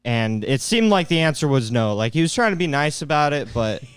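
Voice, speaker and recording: A man's voice: on the high side, big pitch swings, fairly quick, smooth, faint music behind. A young man co-hosting a podcast, telling rambling stories in casual chat and swearing freely. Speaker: podcast co-host.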